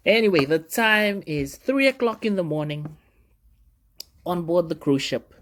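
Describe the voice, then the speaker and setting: A man who works in cruise ship security, telling stories in a casual, rambling monologue full of fillers. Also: medium pitch.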